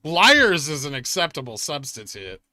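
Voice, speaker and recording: A man's voice: on the high side, very animated, moderate pace, pushed and bright, no echo. A man streaming live, reading chat aloud and bantering in a sardonic way, swearing often and laughing at himself.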